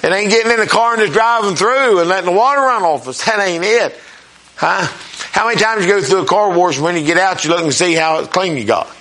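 Pitched high with a pushed, bright quality, a man preaches in a homespun, plain-spoken way. He regularly checks in with his congregation. When he reads scripture, he does it slowly and emphatically.

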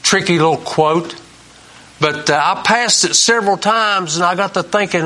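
A man's voice: on the high side, moderate pace, pushed and bright. A man hosting a Christian talk show, telling homespun stories in a folksy preaching manner and repeating his key lines for emphasis.

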